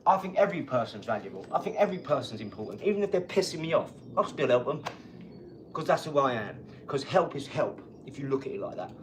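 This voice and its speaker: A man hosting a casual live stream from his home garage, talking in an energetic, rambling, chatty way. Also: medium pitch, fast talker, slight background noise. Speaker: livestream host.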